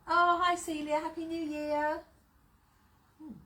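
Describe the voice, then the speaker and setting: A woman's voice: very high-pitched, level tone, slow, pushed and bright. A woman from England hosting a casual sewing live stream from her sewing room, greeting viewers by name, chatting and laughing often.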